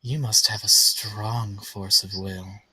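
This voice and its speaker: A man playing a soft-spoken tempting spirit. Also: on the low side, steady tone, takes it slowly, husky, no echo, voice pushed down, full character voice. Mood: coaxing menace. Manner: soft, coaxing, insinuating. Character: sinister tempting female spirit, mocking.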